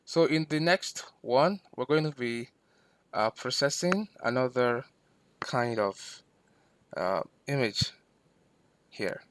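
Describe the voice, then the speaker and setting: A man teaching a screen-recorded software lesson, patient and step by step, repeating himself with fillers. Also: mid-range voice, lively intonation, slow, long pauses, slight background noise. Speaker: instructor.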